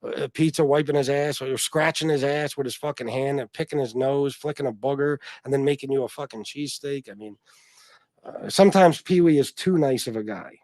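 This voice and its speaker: A man's voice: mid-range voice, brisk, darkish tone, dry recording. A man hosting a casual livestream, reading out donations and chat comments, rambling and swearing freely with many restarts. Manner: rambling and profane, with frequent restarts. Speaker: livestream host.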